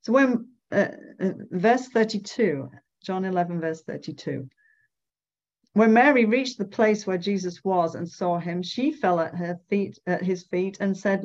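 A woman giving devotional Bible teaching, reading scripture aloud and explaining it slowly. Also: mid-range voice, darkish tone, dull audio. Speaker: speaker at a church gathering.

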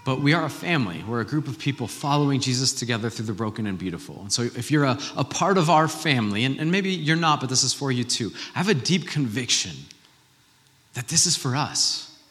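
Bright-voiced pastor man in echoing hall. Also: medium pitch, brisk. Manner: conversational and animated, with rhetorical questions. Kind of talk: sermon. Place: church. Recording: reverberant church hall.

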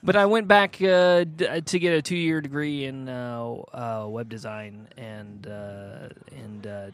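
Man, casual chat, agreeable, halting, many fillers. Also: medium pitch, fairly even intonation.

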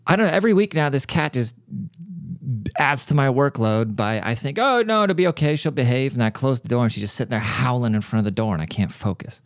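A man's voice: medium pitch, animated, fast, dry recording, clean studio sound. Rambling, profane man podcasting. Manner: rambling, profane, jokey storyteller. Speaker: podcast host. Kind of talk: casual solo podcast monologue. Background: cat crying at times.

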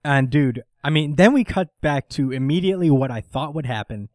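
A man co-hosting a casual manga chat, talking in an animated way, swearing often and acting out characters' lines. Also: mid-range voice, brisk, dry recording. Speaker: podcast co-host recapping manga.

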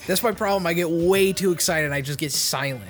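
A man's voice: a little fast, faint music behind. Young man with a radio-announcer voice. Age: young adult. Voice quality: deep announcer-like voice. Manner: rambling, self-deprecating, swears freely. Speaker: podcast co-host. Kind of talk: casual podcast banter.

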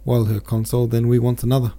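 A man voicing a young labourer who speaks in a slow, rough country dialect. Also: medium pitch, completely flat delivery, dark tone, lightly acted. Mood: stubborn. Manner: slow, drawling dialect speech.

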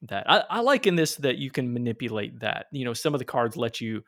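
A man's voice: medium pitch, very animated, fairly quick, a bit bright. A man co-hosting a board game podcast, talking casually and often restarting his sentences. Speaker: podcast co-host. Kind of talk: casual chat.

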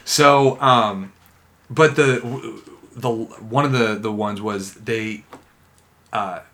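A man chatting casually on a podcast, telling animated stories with plenty of swearing and laughter. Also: fairly low pitch, drawn-out words. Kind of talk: casual chat.

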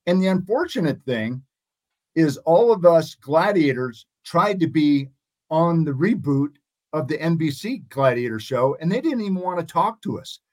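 A man's voice: on the high side, lively intonation, moderate pace, darkish tone. Rambling man in his sixties. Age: 60s. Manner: rambling, restarts sentences often. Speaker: guest. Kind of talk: casual interview storytelling.

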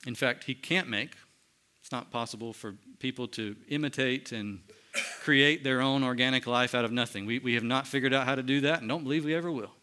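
A man's voice: mid-range voice, fairly quick, sharp tone, clear, resonant tone. A man preaching a sermon, teaching earnestly and asking his listeners rhetorical questions. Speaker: pastor.

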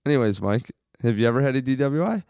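A man's voice: medium pitch, expressive, fast, darkish tone, smooth, no echo. A man telling a long, profane, rambling story on a casual podcast, from Western New York. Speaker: podcast co-host.

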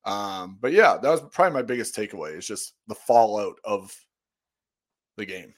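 A man's voice: on the low side, big pitch swings, normal speed. A man co-hosting a podcast, talking casually in a thoughtful, rambling way. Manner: thoughtful, rambling with fillers and restarts. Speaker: podcast co-host. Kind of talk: casual chat.

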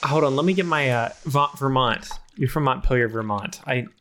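A man's voice: mid-range voice, brisk, fairly bright tone, a little hiss or hum, lightly acted. A man voicing a petty male chipmunk who nags and needles his partner in improv comedy. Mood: nagging. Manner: nagging, needling, argumentative. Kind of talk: improv comedy role-play.

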